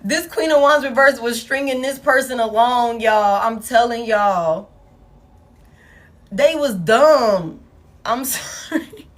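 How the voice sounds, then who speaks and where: A woman giving a collective tarot reading, blunt, profane and animated, talking straight to her viewers. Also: a little high, takes it slowly, pauses often. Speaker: tarot reader.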